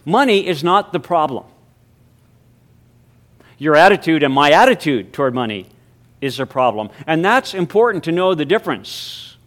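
A male pastor giving a sermon, moving from a hushed, reverent prayer into emphatic preaching with deliberate, drawn-out stresses. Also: fairly high pitch, sing-song. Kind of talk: spoken prayer.

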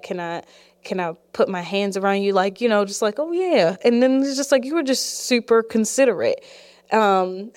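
A woman's voice: medium pitch, smooth. A woman hosting a podcast, telling a personal story in a frank, chatty way with lots of "like" and "you know". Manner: laughs often while telling the story. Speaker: podcast host.

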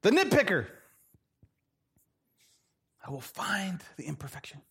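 Man, preacher, humorous sermon, slightly high voice, conversational. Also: very animated, measured pace, creaky, fairly bright tone, slightly rough. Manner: jokey, acts out characters, conversational.

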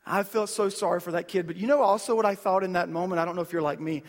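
A man's voice: high voice, fast, hardly any pauses, long reverb tail. A man in his thirties preaching a sermon as a pastor, in a conversational style with stories and rhetorical questions to the congregation. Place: church sanctuary.

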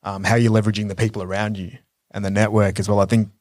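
A man, co-hosting a podcast, telling reflective stories in a relaxed way with lots of fillers. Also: fairly low pitch, fast talker, no room sound, studio quality. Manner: reflective storytelling with many fillers. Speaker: podcast co-host. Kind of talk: casual conversational chat.

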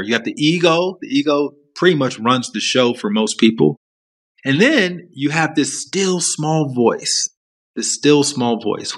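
A man speaking as a podcast guest, explaining ideas in an earnest, steady, reflective way. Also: on the low side. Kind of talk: reflective interview talk.

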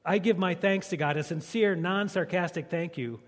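A grateful apostle pours out his thanks, raised, emphatic and warm, in a preacher's voice. It rings out under a long church reverb. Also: high voice, normal speed, close to an everyday voice. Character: grateful, moved apostle writing a letter.

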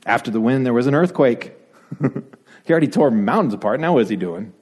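A male pastor preaching a sermon in a playful, animated way, dropping to whispered asides as he acts out the story. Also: mid-range voice, brisk.

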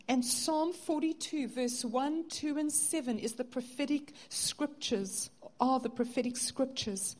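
A woman preaching a sermon in an earnest way, her voice dropping soft on tender phrases. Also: sits high, a little slow. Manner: earnest, softening to near-hush on intimate phrases.

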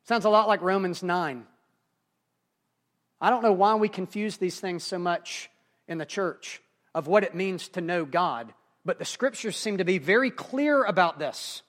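High-voiced male preacher, dynamic delivery. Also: measured pace. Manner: dynamic preaching, swings from hushed to emphatic. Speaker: pastor. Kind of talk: sermon.

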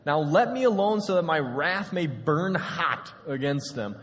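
A man's voice: a little high, lively intonation, unhurried, big-room sound. A man voicing an exasperated, wrathful God who speaks bluntly and casually.

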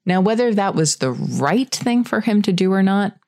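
A woman's voice: medium pitch, lively intonation, moderate pace, a little mellow, dry recording, clean studio sound. A middle-aged woman hosting a career advice show, telling a story from her own work in a candid, conversational way. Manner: candid, conversational, self-correcting. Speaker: podcast host.

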